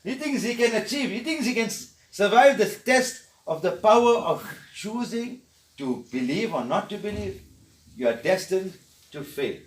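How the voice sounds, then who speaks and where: A middle-aged man teaching a religious study lesson, emphatic and excitable, switching between chanted recitation and explanation. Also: high-pitched, moderate pace. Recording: echoey room, mic at a distance.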